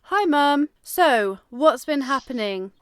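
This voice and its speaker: A woman's voice: high-pitched, expressive, takes it slowly. A young British woman hosting a podcast, talking to her listeners in a cheerful, upbeat way. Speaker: podcast host. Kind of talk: podcast monologue and phone interview.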